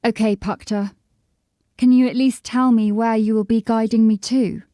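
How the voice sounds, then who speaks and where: A woman's voice: on the high side, steady tone, normal speed, mellow, no room sound, studio quality, natural voice. A woman reading a bewildered young woman. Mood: puzzled. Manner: questioning, bewildered. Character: puzzled young woman with no memory. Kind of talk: audiobook character voice.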